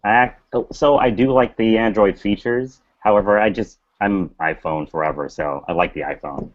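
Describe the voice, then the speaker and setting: A man guesting on a web chat, calm and plain-spoken. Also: on the low side, normal speed, lo-fi sound. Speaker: guest artist. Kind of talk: casual chat.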